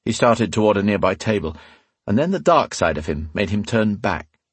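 A man reads a fantasy novel aloud in a measured, dramatic way. His voice sits low with a husky grain. The recording is close and dry, with no room sound. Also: very animated, no echo. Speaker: audiobook narrator. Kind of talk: scripted fantasy narration.

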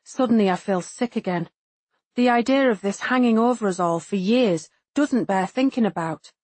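A woman narrating a first-person audiobook in a measured, introspective way, lightly voicing the other characters. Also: medium pitch, a little mellow, no echo.

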